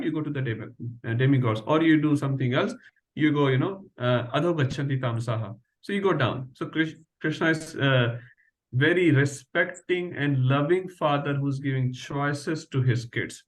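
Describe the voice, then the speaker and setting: A man's voice: mid-range voice, normal speed. A man teaching an online scripture class, emphatic and full of rhetorical "huh?" tags.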